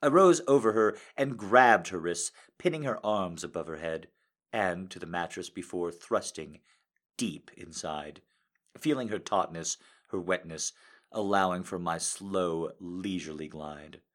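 A man reading a romance story aloud in a soft, intimate way, hesitant and full of fillers when he speaks off script. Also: low-pitched, measured pace. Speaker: reader of fiction.

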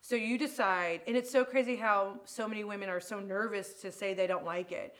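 A woman's voice: medium pitch, fairly even intonation, brisk, a bit bright. A woman salon owner talks openly as a guest in a casual chat. She is emotional and rambling, restarting her thoughts often. Her voice sits in the middle of the range.

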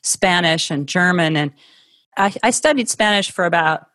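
A middle-aged woman from Ohio speaks in a slightly low, thoughtful voice as a conversational interview guest. She pauses and restarts now and then, laughing lightly. The sound is close and dry, with no room echo. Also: a bit bright. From Ohio, USA.

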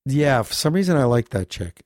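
A man venting in casual conversation, swearing freely and sounding fed up. His voice sits at an ordinary middle pitch. The recording is close and dry, with no room sound. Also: sing-song, a little fast, darkish tone, no room sound. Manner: profane, ranting, exasperated. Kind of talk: casual chat.

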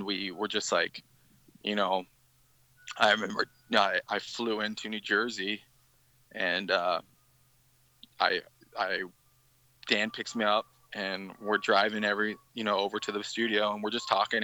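A man's voice: fairly low pitch, flat delivery, normal speed, pushed and bright, rough recording. A man, a band's guitarist, telling a rambling story in a casual podcast interview, with many restarts. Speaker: musician guest.

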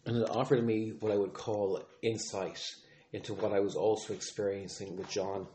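A man speaking as a podcast host and father in an earnest, reflective monologue, often pausing, restarting and using fillers. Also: fairly low pitch, flat delivery, dark tone, a little hiss or hum.

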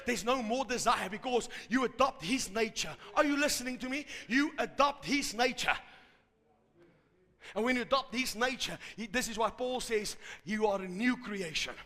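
Man, preacher, very high bright voice, fervent sermon, shouts, long hall reverb. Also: normal speed. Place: large church hall. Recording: hall reverb from a live service.

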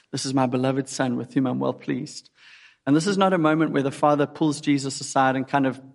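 Gravelly man preaching in a hall. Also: medium pitch. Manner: earnest, asks listeners direct questions. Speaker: pastor. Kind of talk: sermon. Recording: long hall reverb.

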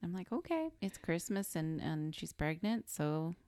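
Low, lively woman podcast host. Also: dry recording, clean studio sound. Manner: chimes in with quick reactions and laughs, sometimes quoting characters. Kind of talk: casual movie recap chat.

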